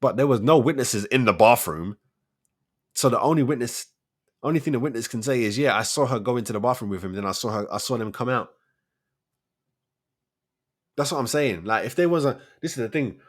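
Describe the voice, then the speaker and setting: A man's voice: medium pitch, animated, fairly quick, long pauses. A man, hosting a casual solo commentary show, firing off rhetorical questions in street slang. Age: 40s. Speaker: host of a debate show.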